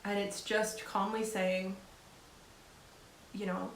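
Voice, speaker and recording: A woman coach talks through practical advice in an earnest, encouraging tone, often checking in with the listener. Her voice sits at an ordinary middle pitch. The room rings with echo, and a faint hiss runs underneath. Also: little pitch movement, slow. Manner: earnest, encouraging, conversational with frequent "right?". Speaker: life coach. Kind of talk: casual advice talk.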